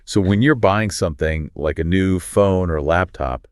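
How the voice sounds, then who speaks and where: A man's voice: deep voice, normal speed, dry recording, clean studio sound. A male co-host of an English lesson podcast, upbeat and explaining pronunciation tips.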